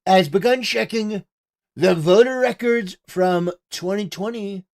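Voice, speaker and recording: A man's voice: high-pitched, measured pace, vocal fry, a little mellow. A man doing a brash, boastful older politician impression. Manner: repetitive, emphatic, self-praising.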